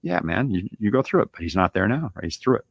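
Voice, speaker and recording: Male host, very low gravelly voice, dry close sound, relaxed coaching talk full of "you know". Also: fast, no echo. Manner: loose, conversational, lots of "you know" and "right?". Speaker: business owner and show host. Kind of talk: casual coaching monologue.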